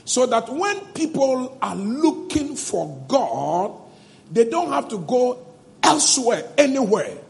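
A man preaching a sermon to a congregation in a church, repeating phrases and building up to shouts. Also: extremely high pitch, vocal fry. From Ghana. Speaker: pastor.

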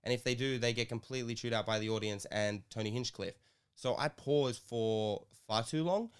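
A young man, a comedian co-hosting a podcast, telling a story in casual chat, animated and swearing freely. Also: medium pitch, normal speed, clean tone.

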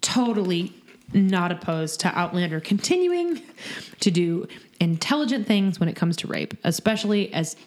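Animated, swearing woman chatting casually. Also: lowish voice, normal speed. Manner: animated, swears a lot, laughs while talking. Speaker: podcast co-host. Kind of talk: casual profane chat. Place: apartment.

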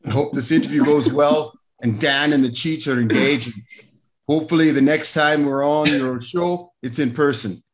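A man's voice: a little high, moderate pace, a little hiss or hum, close to an everyday voice. A man on a video call reading a friend's letter aloud in a hammy, put-on Scottish brogue. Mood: mock-formal.

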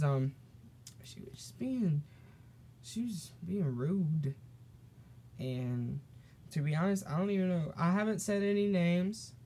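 A teenage boy hosting his own solo podcast, telling a story in a rambling, animated way with lots of fillers and restarts. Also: high voice. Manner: acts out the people in his stories. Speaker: podcast host.

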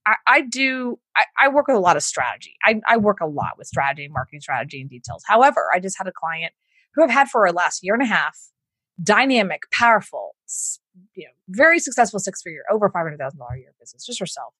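A woman's voice: mid-range voice, fast, breathy edge, no room sound. A Southern woman from Houston, a business coach, chatting on a podcast and acting out the people she quotes. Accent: Southern American. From Houston, Texas. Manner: animated storyteller, acts out quoted voices. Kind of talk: casual podcast conversation.

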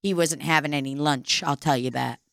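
A young woman telling a story in casual chat, animated and laughing, swearing freely. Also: deep voice, moderate pace, creaky, dry recording, clean studio sound.

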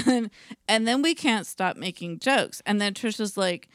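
A woman's voice: a little high, normal speed, clear, resonant tone, dry recording, studio quality. A woman co-hosting a podcast, telling a story in casual chat, full of "like" and laughing as she goes. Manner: chatty storyteller, lots of "like" and laughter. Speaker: podcast co-host.

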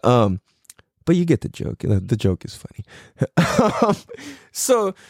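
Brief: male podcast host, lively up-and-down pitch, slangy and profane, close dry sound. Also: takes it slowly, no echo. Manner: animated, laughs often, swears freely, slangy. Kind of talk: casual comedic monologue.

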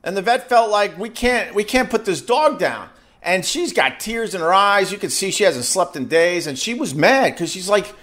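A man's voice: high voice, animated, moderate pace, a bit bright. A middle-aged man, a podcast host, telling a long casual story and stumbling over and repeating his words as he goes.

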